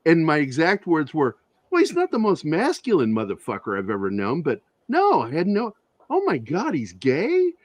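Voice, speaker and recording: A man who is a guest on an interview show, telling profane, animated anecdotes with a lot of laughter in casual conversation. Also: a little high, moderate pace, dry recording. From Virginia, USA. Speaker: interview guest, comic creator. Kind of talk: casual storytelling.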